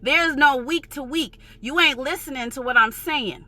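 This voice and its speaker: New york lady going off in a vlog, high bright voice, cussing, passionate not angry. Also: moderate pace. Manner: heated, emphatic and profane, insisting she is passionate, not angry. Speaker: vlogger. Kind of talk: ranting vlog.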